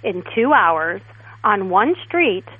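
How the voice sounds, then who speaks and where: A woman guest stylist in a casual interview, telling stories in a chatty, animated way. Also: mid-range voice, slow pace, slightly rough, no room sound. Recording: tinny phone line.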